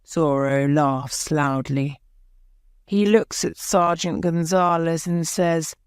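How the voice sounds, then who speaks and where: A woman narrating a graded reader story for learners. She reads very slowly and carefully in a slightly low voice. The recording is dry and close. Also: fairly even intonation, clear, resonant tone, no echo. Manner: slow, careful reading. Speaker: audiobook narrator.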